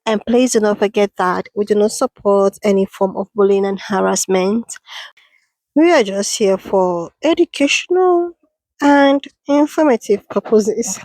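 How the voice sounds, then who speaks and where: A woman hosting her own reaction channel, greeting viewers warmly and calling them lovelies as she sets up a clip. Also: medium pitch, unhurried, dry recording. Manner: cheerful, addresses viewers as lovelies, laughs often. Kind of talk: casual commentary to viewers.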